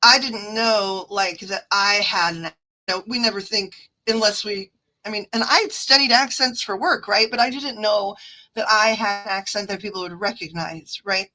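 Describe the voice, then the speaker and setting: A woman's voice: medium pitch, normal speed, bright, forceful tone, low-quality recording. A woman with a Midwestern accent, hosting a livestream as a card reader, chatty and digressive as she reads the chat aloud. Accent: Midwestern American. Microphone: phone.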